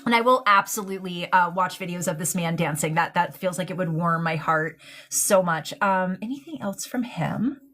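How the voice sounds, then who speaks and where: A woman's voice: on the low side, normal speed, a bit bright, soft background music. A woman giving a live-streamed mediumship reading, affectionate and hesitant, full of ums and likes. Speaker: psychic medium.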